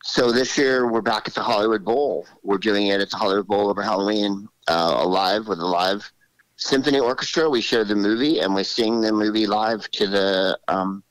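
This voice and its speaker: A man in his sixties, a comedian guest telling animated stories in an interview and slipping into voices. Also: on the low side, normal speed, no echo, rough recording. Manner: animated, drops into character voices. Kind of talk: storytelling interview.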